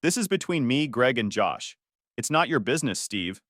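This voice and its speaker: A man's voice: medium pitch, big pitch swings, normal speed, fairly bright tone, no echo, clean studio sound. A man voicing a defensive, irritated middle-aged mother. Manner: snappish, defensive.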